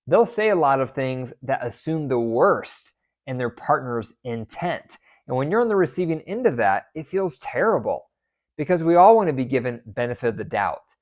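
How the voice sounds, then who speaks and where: Male psychologist host, emphatic coaching monologue, medium pitch. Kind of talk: podcast monologue giving marriage advice.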